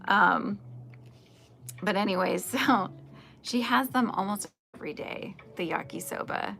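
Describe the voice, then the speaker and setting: Chatty gravelly woman crafting live. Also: mid-range voice, measured pace, pushed and bright, a little hiss or hum. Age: 40s. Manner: chatty, answers viewer comments, laughs often. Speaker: crochet livestream host. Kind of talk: casual chat while crocheting.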